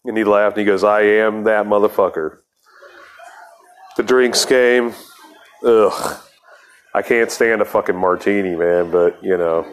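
A man's voice: on the low side, steady tone, moderate pace. A man hosting a podcast, telling a rambling, profane story in a casual monologue with laughs between lines. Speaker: podcast host.

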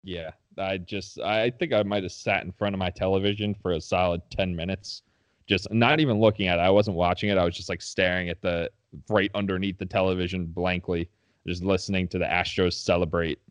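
A man co-hosts a casual sports chat, blunt, swearing freely and laughing often. His voice sits fairly low, and it is recorded dry and close. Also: fairly even intonation, a little fast, dry recording. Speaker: podcast co-host.

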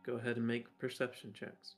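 Relaxed male game master. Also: mid-range voice, fairly quick, soft background music. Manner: relaxed, conversational narration. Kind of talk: narrating a tabletop game.

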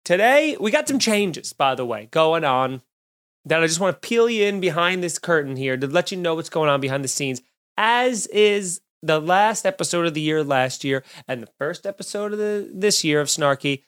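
High-voiced sarcastic man ranting solo. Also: normal speed, smooth. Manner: animated, sarcastic, jumps between loud bursts and mutters. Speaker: podcast host. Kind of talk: solo comedic monologue. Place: home studio, recording alone.

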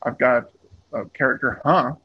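A man's voice: medium pitch, normal speed, slightly rough, dull audio. A man, a comic book artist being interviewed, talking casually and rambling with many ums and restarts.

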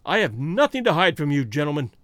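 A man voicing a bitter, desperate male American outlaw who talks loud and fierce. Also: a little high, very animated, quick pace, no echo, studio quality. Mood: grieving defiant.

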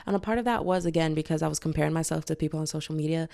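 A woman's voice: low voice, racing, gravelly, warm tone, no room sound, clean studio sound. A woman in her twenties talking bluntly and animatedly in a casual confessional monologue, swearing freely. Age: 20s.

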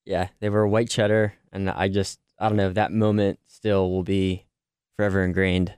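Deep-voiced hesitant man. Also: little pitch movement, moderate pace, darkish tone, clean tone, dry recording, studio quality. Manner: hesitant, restarts, reflective. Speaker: podcast co-host. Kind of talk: casual conversation on a podcast.

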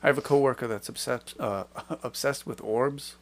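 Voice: mid-range voice, normal speed. A podcast host in a casual interview, curious and chatty, laughing easily.

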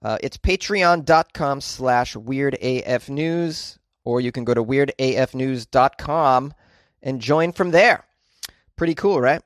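An American man hosting a comedy podcast, joking and rambling in a loose monologue with lively outbursts. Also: medium pitch, a little slow, no room sound, studio quality. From United States. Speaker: podcast host.

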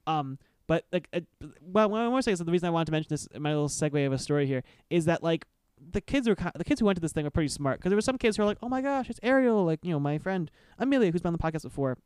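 A young podcast co-host rambles through stories at a quick clip, stammering and repeating words along the way. The voice is smooth and clear, recorded dry with no room around it. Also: medium pitch, expressive, darkish tone, no room sound. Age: young adult. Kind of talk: casual chat.

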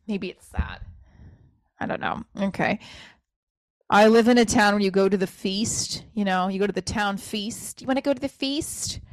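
A New woman in her forties, speaking, hosts a podcast alone. She rambles, swears freely and makes fun of herself as she tries out comedy bits. Her voice sits at a middling pitch and sounds dry and close, with no room around it. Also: fairly bright tone, no echo. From New Jersey. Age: 40s. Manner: rambling, profane, self-deprecating. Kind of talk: casual solo podcast monologue.

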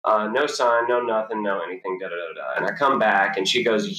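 A young man with a bright, forceful voice tells a golf story in a relaxed interview. He jumps up in pitch to act out the people in his tale. The room around him is roomy and echoey. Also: a little fast, hardly any pauses. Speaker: professional golfer, guest. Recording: roomy echo.

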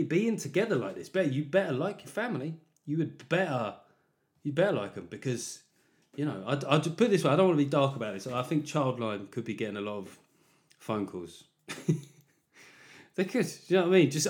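A comedian talks through a podcast monologue in a chatty, jokey way, poking fun at himself. His voice sits at a middling pitch for a man. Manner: chatty, jokey, self-mocking.

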